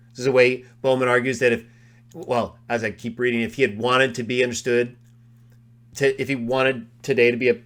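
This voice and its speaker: A man presenting a live study of biblical grammar, walking through his notes and slowly repeating quoted phrases for emphasis. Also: medium pitch. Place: live online discussion.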